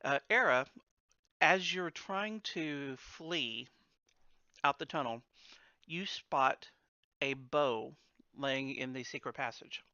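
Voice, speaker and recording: Bright-voiced man running a tabletop game. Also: on the high side, dry recording, lo-fi sound. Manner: casual, laughs often, curses. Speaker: game master.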